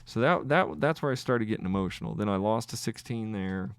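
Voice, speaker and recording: A man hosting a trading podcast, thinking aloud through his trades in live commentary, halting and restarting as he counts wins and losses. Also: fairly low pitch, expressive, clear, resonant tone, no room sound.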